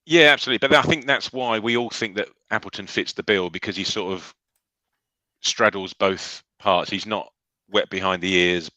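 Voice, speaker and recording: A man co-hosting a live fan podcast, trading quick teasing jokes with his co-host. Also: fairly low pitch, bright, forceful tone, no echo, low-quality recording. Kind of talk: casual live reaction chat.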